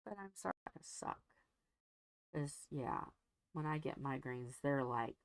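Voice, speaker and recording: A woman's voice: a bass voice, expressive, measured pace, long pauses, dry recording. A woman hosting a diamond painting channel, chatting casually while she crafts and telling a rambling, folksy story from home.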